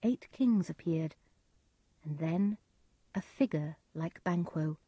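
Slow, husky woman narrating a story. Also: sits low, warm tone, dry recording.

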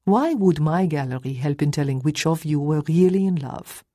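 A stern, formal older woman, as a woman reader puts her on speaks slowly and deliberately in an audiobook. The voice is low and husky, recorded close and dry. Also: expressive, mellow, no echo. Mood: probing. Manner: slow, deliberate, formal speech.

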